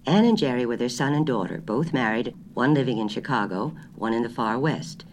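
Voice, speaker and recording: A narrator giving a measured, expressive reading of a story. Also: mid-range voice, slight background noise. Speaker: audiobook narrator.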